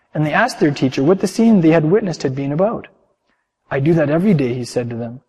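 A man preaching to a congregation, telling a long story in a measured, soft-spoken way that trails off quietly at the ends of phrases. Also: a little high, slightly rough, big-room sound. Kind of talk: sermon storytelling.

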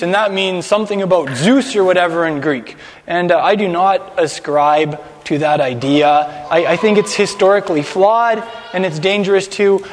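A man's voice: high-pitched, long reverb tail, a little hiss or hum. A man teaching a congregation in a chatty sermon, often repeating words and having listeners repeat after him. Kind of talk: conversational sermon.

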